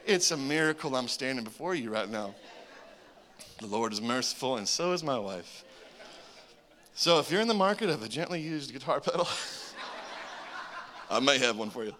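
A man in his forties preaching a sermon as a humorous, animated story, often chuckling between lines. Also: medium pitch, moderate pace, pauses often. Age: 40s. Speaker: pastor.

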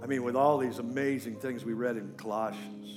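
A man preaching a sermon to a congregation, animated and emphatic. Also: fairly quick, over music. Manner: animated, emphatic preaching with big pitch swings. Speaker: pastor. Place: church stage before a congregation.

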